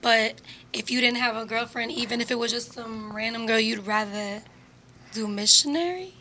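A woman's voice: on the high side, normal speed, bright, forceful tone. A woman on a podcast, frankly asking questions in casual chat.

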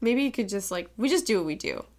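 A woman's voice: medium pitch, expressive, fast talker. A young woman co-hosting a podcast in casual chat, congested and nasal from a cold, joking dryly. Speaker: podcast co-host.

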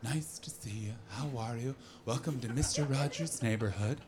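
A man putting on a gentle, soft-spoken male children's TV host, speaking in a slow near-whisper. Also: medium pitch, a little hiss or hum, voice pushed down, natural voice. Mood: gentle hush.

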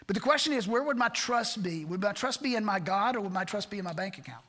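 A pastor delivers a sermon in a high, bright voice with lively intonation, speaking fast with hardly any pauses. He's earnest and leans on rhetorical questions, and the long reverb of a church sanctuary rings around him.

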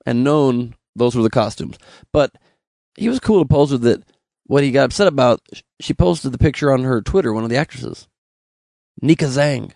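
A man's voice: mid-range voice, vocal fry, a little mellow, no room sound, studio quality. A young man from Los Angeles hosting a comedy podcast, riffing sarcastically and slipping into mock voices. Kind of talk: comic monologue.

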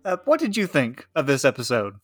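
A man's voice: medium pitch, a little fast, dry recording, soft background music. Laid-back male podcast host. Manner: relaxed, laughing, filler-heavy. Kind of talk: casual podcast chat.

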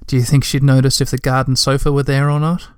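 A man voicing a gentle, worried young male troll from a storybook, pleading in a slightly raised voice. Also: mid-range voice, little pitch movement, quick pace, clean tone, no echo, clean studio sound, natural voice. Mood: polite. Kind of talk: storybook reading.

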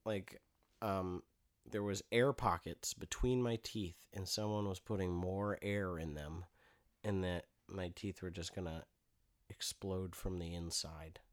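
A podcast co-host with a low, steady voice and a measured pace tells a rambling story during casual chat. He plays it up with playful, mock-childish exaggeration.

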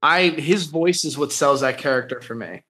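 A man's voice: a little high, moderate pace, bright, forceful tone, breathy edge, soft background music, low-quality recording. A young man co-hosting a podcast, chatting casually and enthusiastically with lots of fillers. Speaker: podcast co-host. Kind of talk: casual chat.

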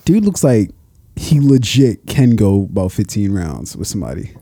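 A man co-hosting a casual podcast chat, swearing and laughing often and getting animated as he talks. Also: on the low side, normal speed, slightly rough, dry recording, studio quality. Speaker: podcast co-host.

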